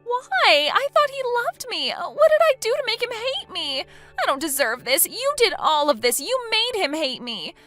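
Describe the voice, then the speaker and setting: A woman's voice: high voice, sing-song, a little slow, pushed and bright, soft background music, pitched above the performer's own voice, full character voice. A synthetic woman's voice playing an entitled young woman who talks in an indignant, self-pitying way.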